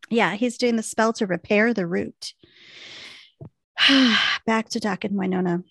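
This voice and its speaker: A woman co-hosting a podcast, retelling a TV episode in a quick, animated way. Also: mid-range voice, vocal fry, husky, dry recording. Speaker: podcast co-host recapping a TV episode. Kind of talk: casual recap storytelling.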